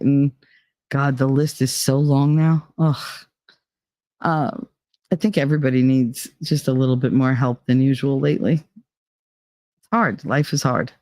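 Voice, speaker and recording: A New Jersey woman with a matching accent chats casually on a live stream, reading her chat aloud and answering bluntly and animatedly, swearing plenty. Her voice sits low at a measured pace, with clean studio sound and no echo.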